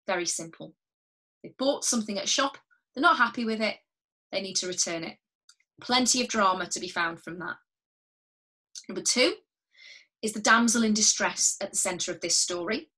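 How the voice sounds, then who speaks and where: Drama tutor, woman, mid-pitched voice: patient, reassuring, walks the learners through each exercise, repeating key words. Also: moderate pace, pauses often, bright, forceful tone. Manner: clear, patient, step-by-step instructions, often repeating key words; encouraging and reassuring toward learners at home. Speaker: drama workshop leader. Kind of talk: recorded instructional drama lesson.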